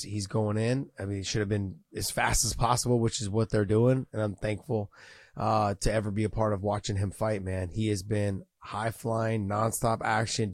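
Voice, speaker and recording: A man co-hosting a podcast in casual chat, his voice raspy and hoarse from yelling the day before, talking earnestly. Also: on the low side, no echo. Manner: earnest, praising, upbeat sign-off. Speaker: podcast co-host.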